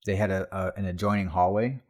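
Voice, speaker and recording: A man's voice: deep voice, steady tone, fast, darkish tone. A man hosting a podcast, chatting casually and swearing as he tells his own stories. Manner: laid-back, profane. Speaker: podcast host. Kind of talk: casual chat.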